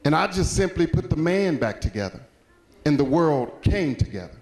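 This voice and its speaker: A man's voice: sing-song, moderate pace, a little mellow. A man putting on an eager little boy. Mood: meek. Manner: pleading, high and bouncy. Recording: echoey hall.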